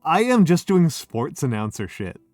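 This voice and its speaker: A man's voice: fairly high pitch, sing-song, normal speed, a little mellow, no echo, faint music behind. Rambling, cursing man on a dry mic. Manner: rambling, profane, self-interrupting. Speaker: streamer host. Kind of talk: casual drinking stream chat.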